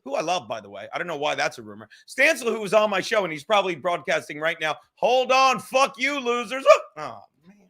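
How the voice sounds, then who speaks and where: A man with a high, bright voice rants on his podcast, swearing constantly and talking fast. He sounds heated and keeps jumping from grudge to grudge, laughing between jabs. It plays as a loose, unscripted livestream monologue. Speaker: podcast host.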